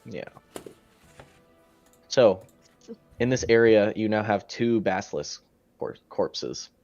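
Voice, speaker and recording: A man's voice: on the low side, animated, takes it slowly, vocal fry, darkish tone, lo-fi sound, faint music behind. A man running a tabletop game as dungeon master, narrating the action with laughs.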